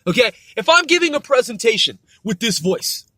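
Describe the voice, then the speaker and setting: A man's voice: very high voice, big pitch swings, moderate pace, sharp tone, no room sound. A man hosting a podcast, delivering a profane, emphatic, stern rant. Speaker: podcast host. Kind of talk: ranting podcast monologue.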